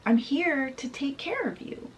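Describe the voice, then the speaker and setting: A woman voicing a gentle, ancient fairy great-grandmother in a soft, sweet, high voice. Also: sing-song, a little slow, recorded from a distance, a little hiss or hum. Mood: reassuring.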